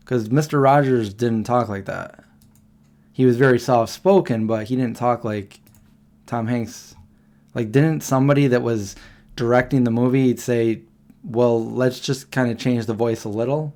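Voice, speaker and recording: Male streamer, mid-pitch, casual rambling talk, answers chat as he goes. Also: fairly even intonation, a little mellow. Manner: rambling, reacting to chat comments with quick questions. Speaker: livestream host answering chat.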